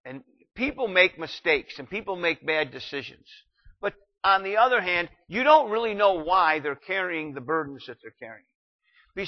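Male pastor, sermon delivery, earnest and direct, somewhat high voice. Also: muffled recording. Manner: earnest, addresses the congregation directly with questions.

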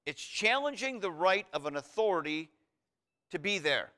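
Middle-aged guy preaching a sermon, bright clear voice, gets loud and high on the big points then hushed when praying. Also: sing-song, moderate pace. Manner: drops to a quiet, soft voice in prayer. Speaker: pastor.

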